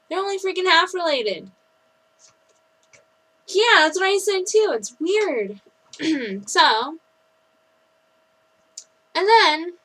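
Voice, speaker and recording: A woman in her twenties vlogging casually to camera, telling stories with animated, mock-outraged energy. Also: sits high, rough recording. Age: 20s.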